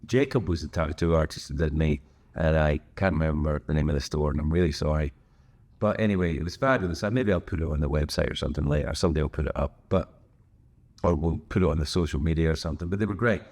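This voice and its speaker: A man's voice: a bass voice, fast, a little mellow. An older man with a Scottish accent, hosting a casual solo chat in a hotel room, rambling and joking with lots of asides and restarts. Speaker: host.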